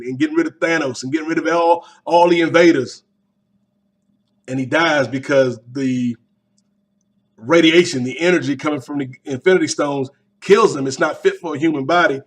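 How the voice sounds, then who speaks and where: A young man hosting a podcast, giving a casual, animated movie reaction with slangy asides. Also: fairly high pitch. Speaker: podcast host.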